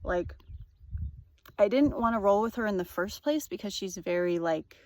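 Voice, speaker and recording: A woman's voice: mid-range voice, animated, moderate pace, a little mellow, no echo, studio quality. A young woman telling a personal story in a casual, rambling monologue, full of fillers and swearing. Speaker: vlogger.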